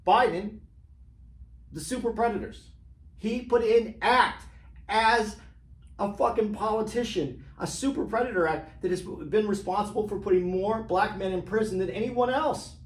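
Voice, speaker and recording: A man's voice: high voice, normal speed. A man co-hosting a podcast, pushing back hard in a political argument with emphatic restarts. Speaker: podcast co-host. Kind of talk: heated political debate chat. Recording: roomy echo.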